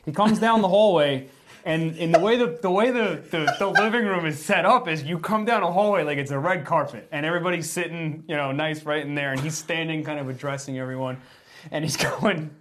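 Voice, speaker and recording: A man's voice: a little high, fairly quick, a little hiss or hum. A man telling a funny story in a casual chat, acting out other people's lines as he goes. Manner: animated storyteller, acts out quotes. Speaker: sister's fiance.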